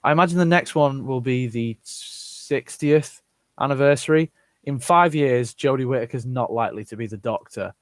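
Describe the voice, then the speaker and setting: A man's voice: medium pitch, normal speed, no room sound. A man hosting a live stream, reading viewers' comments aloud and answering them bluntly with plenty of swearing. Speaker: channel host answering live chat. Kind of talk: casual live-stream chat.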